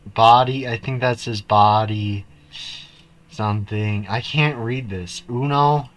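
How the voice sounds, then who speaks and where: A man streaming a game live, reacting with loud shocked exclamations and flustered muttering. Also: medium pitch, slow, rough recording.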